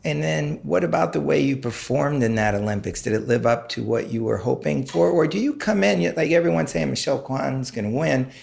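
A man's voice: mid-range voice, animated, fairly quick, creaky, few pauses, a little mellow. A man hosting an interview, asking curious, probing questions. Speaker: host. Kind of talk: interview conversation.

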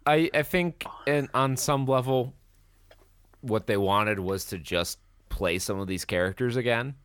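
A man co-hosting a podcast, chatting casually about a movie, animated and swearing freely as he acts out lines from trailers. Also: medium pitch, a little slow, smooth, dry recording. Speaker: podcast co-host. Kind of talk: casual movie review chat.

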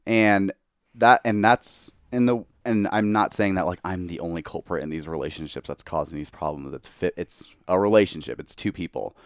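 A man's voice: sits low, moderate pace, no room sound, clean studio sound. A young man talking candidly as a podcast guest, a bit tipsy from tequila, filling his speech with "like.". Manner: candid, heavy use of "like". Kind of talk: casual chat.

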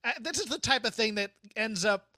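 A man co-hosting a casual comedic discussion, animated, laughing often and acting out quotes. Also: high voice, brisk, no room sound, studio quality. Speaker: podcast co-host.

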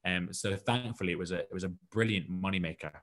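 A man's voice: low-pitched, fast, a bit bright. A man from the United Kingdom, a guest entrepreneur, telling his story in a self-deprecating, rambling way. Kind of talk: casual storytelling in an interview.

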